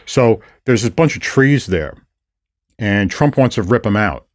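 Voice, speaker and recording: An older man hosting a podcast, chatting casually and retelling his encounters with lively storytelling. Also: on the low side, a little slow, dry recording, studio quality. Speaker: podcast host. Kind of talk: casual conversation.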